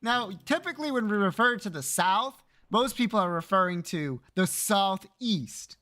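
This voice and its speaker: A man's voice: sits high, animated, normal speed, pushed and bright. A man streaming live, chatting casually with his viewers, teasing and joking and swearing freely.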